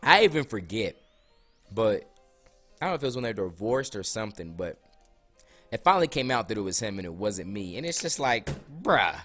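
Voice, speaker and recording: A young man tells a story in a loose, slangy style, lively and animated. His voice sounds a little worn, as if he is losing it. Faint music plays behind him. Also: lowish voice, fairly quick, pauses often. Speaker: vlogger. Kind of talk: casual storytime.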